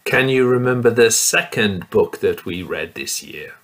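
Male teacher for a children's reading lesson, slow and exaggerated, with a swooping voice. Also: on the low side, expressive, fairly bright tone. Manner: slow, sing-song, exaggerated.

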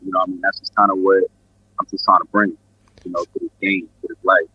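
A man's voice: low voice, flat delivery, quick pace, breathy edge, no room sound, dull audio. A man from New York with a New York accent, a guest musician rambling in a laid-back, casual interview full of fillers. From Queens and Brooklyn, New York.

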